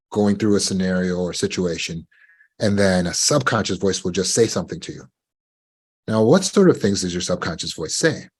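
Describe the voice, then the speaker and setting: A man giving a measured motivational talk on recovery, often asking the listener rhetorical questions. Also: lowish voice, a little mellow, slightly rough. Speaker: self-help speaker.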